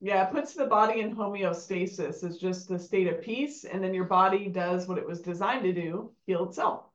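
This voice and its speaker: Calm, soft-spoken guest in an echoey room. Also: medium pitch, normal speed. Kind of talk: casual conversation. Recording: echoey, dull lo-fi sound.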